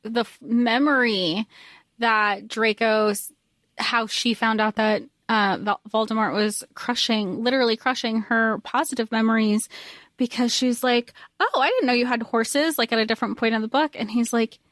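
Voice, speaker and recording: Earnest woman with a high voice. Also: fairly even intonation, moderate pace, a bit bright, no echo, clean studio sound. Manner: emotional, earnest, laughs easily. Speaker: podcast co-host. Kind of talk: casual fan podcast discussion.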